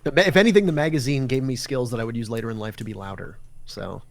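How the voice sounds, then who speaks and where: A man's voice: medium pitch, fast, creaky, no room sound. A man, an esports caster, telling stories in casual podcast chat and acting out the dialogue. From Canada. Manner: lively storyteller who acts out quoted dialogue.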